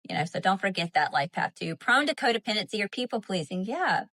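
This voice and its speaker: A woman's voice: mid-range voice, big pitch swings, fast talker, pushed and bright, no room sound. Southern woman chatting on a livestream. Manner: chatty, filler-heavy, addresses viewers as y'all. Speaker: spiritual livestream host. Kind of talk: casual livestream teaching.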